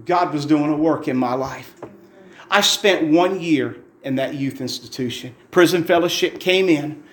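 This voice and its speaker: High-voiced fervent preacher, echoey church. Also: male voice, measured pace, a little hiss or hum. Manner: fervent, repetitive, folksy. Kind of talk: testimony sermon.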